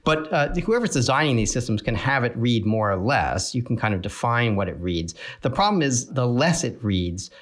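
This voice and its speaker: A man's voice: mid-range voice, big pitch swings, moderate pace, hardly any pauses. A man being interviewed who explains a subject with hesitations and many fillers. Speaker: interviewed expert.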